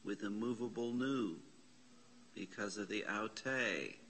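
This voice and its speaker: A man's voice: on the low side, takes it slowly, a bit bright, a little hiss or hum. A man teaching a classroom lesson on Bible Greek in a church classroom, patiently spelling out letters and parsing words aloud.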